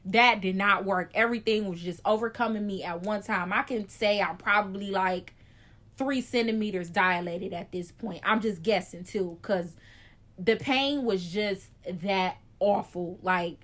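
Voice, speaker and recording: A young woman telling a personal story in a casual vlog, chatty and animated, acting out scenes with gasps. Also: mid-range voice, measured pace. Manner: chatty, frequent "like" fillers. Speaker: vlogger.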